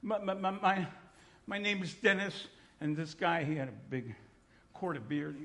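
A middle-aged man preaching, telling his testimony in an animated storytelling manner, acting out voices and sometimes shouting. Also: high-pitched, moderate pace. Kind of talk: sermon testimony.

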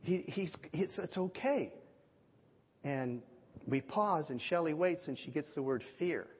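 A pastor tells stories during a sermon in a reverberant hall, his voice a little high, unhurried and breathy. He's an animated storyteller who acts out the voices he quotes, captured on dull lo-fi audio with long hall reverb.

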